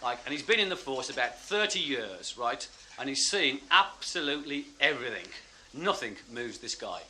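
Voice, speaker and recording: A man telling a story in stand-up, animated and laughing as he talks. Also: mid-range voice, moderate pace. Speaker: comedian. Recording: loud noisy live recording.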